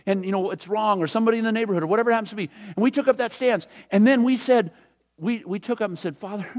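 A male pastor giving a conversational sermon, often dropping to a hushed voice for scripture quotes and chuckling between thoughts. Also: high-pitched, rapid-fire.

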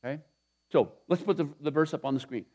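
A man's voice: on the high side, fast talker, a little mellow. A male pastor giving a sermon in a loose, conversational way, with many restarts and asides. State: tired after a short night.

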